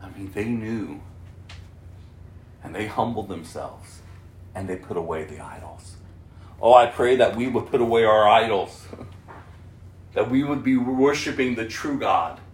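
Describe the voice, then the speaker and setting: A pastor preaching an impassioned, emphatic sermon, dropping to a hush and then rising to loud. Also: male voice, medium pitch, reverberant, far from the mic.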